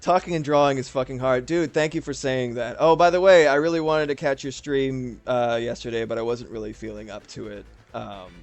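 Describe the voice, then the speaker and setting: This man's mid-range voice carries vocal fry, captured in a dry recording. Streaming as an artist, he talks casually and wanders off topic while drawing, with plenty of swearing.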